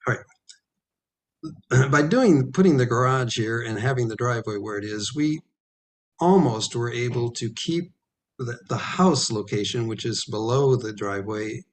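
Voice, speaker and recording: A man presenting a design at a town planning meeting, halting with many ums and repeated throat clearing as he is losing his voice. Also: medium pitch. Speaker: architect presenting to a planning commission. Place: town hall meeting room.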